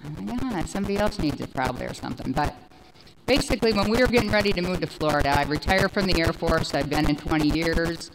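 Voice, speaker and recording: A woman's voice: deep voice, fast, vocal fry, noisy background. Rambling, chatty woman telling a personal story. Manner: rambling, animated storytelling with many fillers. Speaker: speaker sharing recovery story. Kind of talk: personal testimony talk.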